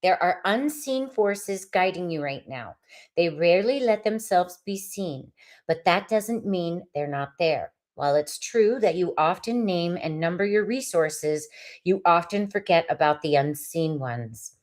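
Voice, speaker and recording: A woman's voice: lowish voice, lively intonation, unhurried. A woman hosting a live tarot reading stream, chatting casually and effusively with viewers as she pulls cards.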